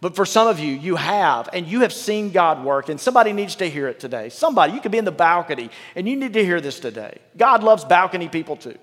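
A man's voice: sits high, big pitch swings, fast, few pauses, a bit bright, big-room sound. A pastor preaching a sermon. He reads scripture aloud and breaks off into candid, joking asides. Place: large church with a balcony.

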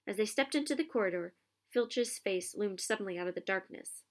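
A woman reading a children's novel aloud with expressive storytelling. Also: medium pitch, fairly quick.

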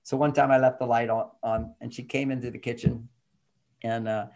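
A man's voice: mid-range voice, normal speed. An older man, a guest on a podcast, explaining relationships in casual chat and acting out the voices of the people in his stories. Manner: animated storytelling, acts out quoted voices.

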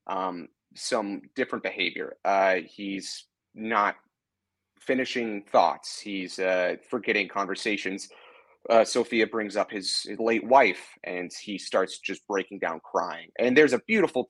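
A man with a lowish voice talks through a TV plot in a relaxed podcast chat. He rambles, stopping and restarting with plenty of fillers. The sound is close and dry. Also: measured pace, dry recording. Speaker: podcast co-host. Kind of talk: casual chat, summarizing a TV episode.

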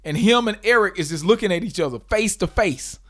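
A man in casual podcast chat, telling stories with animated swings in pitch and loudness as he gets worked up. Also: fairly quick. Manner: animated storyteller, swings loud and high when worked up.

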